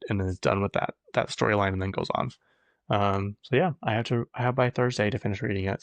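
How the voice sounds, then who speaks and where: A man's voice: medium pitch, no room sound. A man hosting his own podcast, chatting casually and gossipily, laughing often and restarting his sentences. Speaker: podcast host. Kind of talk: casual solo podcast chat.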